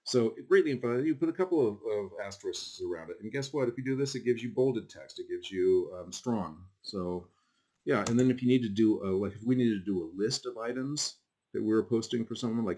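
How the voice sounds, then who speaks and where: Low-voiced casual male instructor. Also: expressive, a little fast, warm tone, slight background noise. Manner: casual, rambling, with frequent fillers and asides. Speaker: college instructor. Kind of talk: screen-recorded lecture.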